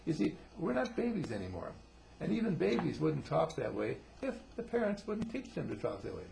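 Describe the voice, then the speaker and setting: A man's voice: a little high, a little fast, creaky, a little hiss or hum. A man giving an informal talk on behaviour, acting out quotes in different voices. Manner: animated, acts out quotes in voices.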